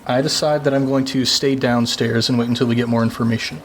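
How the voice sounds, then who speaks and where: Guy playing d&d, medium voice, kinda dramatic, slow, light hiss. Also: medium pitch, fairly even intonation. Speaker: player. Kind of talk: casual tabletop play.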